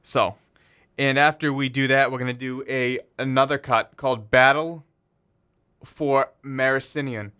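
A man's voice: medium pitch, fairly even intonation, a little slow, bright, forceful tone, clean tone. A man hosting a metal radio show from a small station studio, talking loosely with fillers and self-corrections as he introduces tracks. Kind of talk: casual radio show patter.

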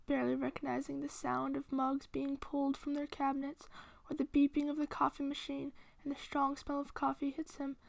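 A woman reading fan fiction aloud in a steady, hushed storytelling voice. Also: sits high, creaky, no room sound. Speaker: reader.

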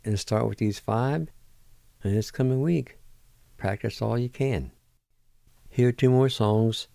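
A middle-aged man hosting a language lesson, spelling words letter by letter and repeating each one slowly. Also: mid-range voice, vocal fry, mellow, dry recording, studio quality. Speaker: radio host teaching words. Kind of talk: slow word-by-word language lesson.

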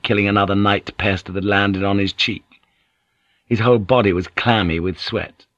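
A man narrating an audiobook in a measured, descriptive reading. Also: lowish voice, fairly bright tone, no echo, highs cut off. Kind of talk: scripted narration.

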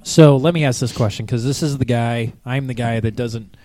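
A man's voice: mid-range voice, moderate pace, dark tone, dry recording. A man co-hosting a casual podcast, making sarcastic, self-mocking wisecracks. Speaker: podcast co-host. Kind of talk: casual chat.

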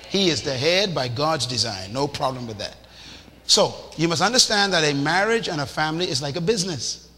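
A man preaching a sermon in a lively, animated way, acting out little scenes and shouting for emphasis. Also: on the high side, a little fast. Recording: reverberant hall with faint noise.

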